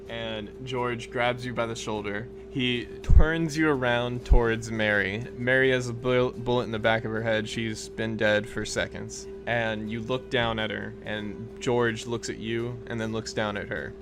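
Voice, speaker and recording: Low-voiced game master with music behind. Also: male voice, steady tone, normal speed, few pauses. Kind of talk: narrating a tabletop game.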